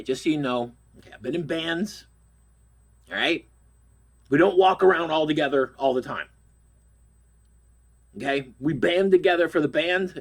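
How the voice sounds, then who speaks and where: A man's voice: a little high, fairly bright tone. Angry swearing man with a stuffy nose. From Pittsburgh, US. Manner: angry, blunt, swears constantly. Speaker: vlogger. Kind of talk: profane rant.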